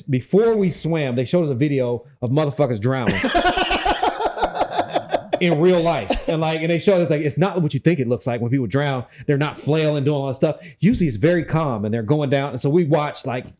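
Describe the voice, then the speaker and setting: A man with a slightly high voice tells a story in a loose, laughing, profane way. He is animated and breaks into laughter often as he talks. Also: normal speed, very noisy. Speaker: guest, former Secret Service officer. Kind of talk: casual storytelling chat.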